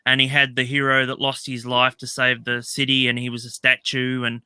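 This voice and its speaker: A man's voice: medium pitch, completely flat delivery, brisk, bright, forceful tone, clean tone, dry recording. A man hosting a casual chat about films, rambling, laughing often and acting out quotes. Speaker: podcast host.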